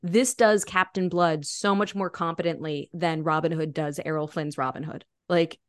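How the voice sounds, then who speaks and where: A woman's voice: deep voice, moderate pace, dry recording. A woman hosting a podcast, chatting animatedly about films. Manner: animated, enthusiastic. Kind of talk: casual film discussion.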